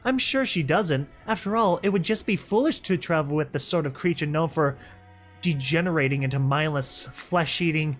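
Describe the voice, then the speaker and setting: A man's voice: on the high side, moderate pace, a bit bright, faint music behind, natural voice. A man voicing a prim, sarcastic female unicorn healer with a ladylike drawl.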